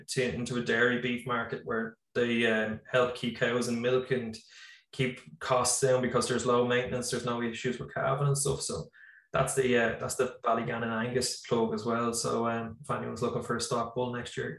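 Gravelly Irish man on a video call. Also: mid-range voice, normal speed. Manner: relaxed, rambling, many fillers. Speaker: podcast guest, farmer and business founder. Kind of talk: casual interview over video call. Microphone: computer mic on video call. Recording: echoey room, slightly distant mic.

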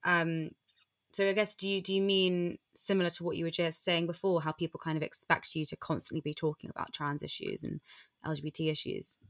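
A woman's voice: lowish voice, flat delivery, fairly quick, a bit bright, dry recording, studio quality. A woman hosting an interview, earnest and agreeable, prompting her guest with questions. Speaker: interviewer, host. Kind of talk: conversational interview.

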